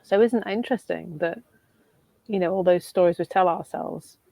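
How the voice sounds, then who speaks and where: Middle-aged woman, low voice, dry close sound, animated reflective chat over a video call. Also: normal speed, creaky, no echo. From Northern England. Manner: animated, laughing, thinks aloud. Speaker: podcast co-host.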